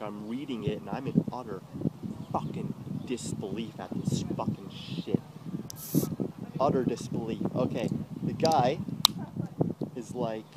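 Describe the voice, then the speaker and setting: A man's voice: medium pitch, heavy background noise. A man telling a story in an agitated, profanity-filled rant, heard in an archived clip. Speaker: YouTuber. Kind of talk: ranting storytelling.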